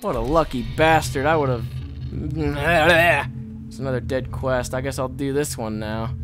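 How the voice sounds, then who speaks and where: A young man giving profane let's-play commentary, swinging from low muttering to panicked yelling. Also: measured pace. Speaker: gaming YouTuber. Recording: game music underneath.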